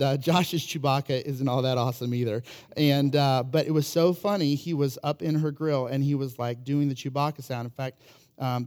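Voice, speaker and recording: This pastor speaks at medium pitch with a slightly mellow voice. He preaches casually, telling funny stories about his family at his own expense, with lots of fillers and false starts.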